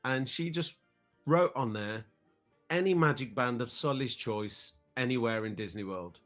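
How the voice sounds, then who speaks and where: A man's voice: medium pitch, unhurried, fairly bright tone, faint music behind. A British man in his thirties, a podcast guest telling a family trip story in a casual, rambling way, often repeating words as he starts sentences. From United Kingdom.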